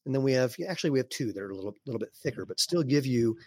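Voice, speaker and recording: A man speaking as an interview guest, explaining in a relaxed way with fillers and some throat clearing. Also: mid-range voice, racing, dry recording. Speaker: guest, barefoot sandal maker. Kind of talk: casual conversational interview.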